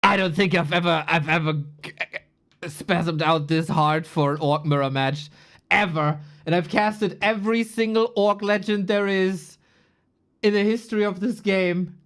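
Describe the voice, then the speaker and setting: A woman casting a live esports match, excitable and bursting into shouts at big plays. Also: on the low side, measured pace. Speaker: esports caster. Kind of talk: live game commentary.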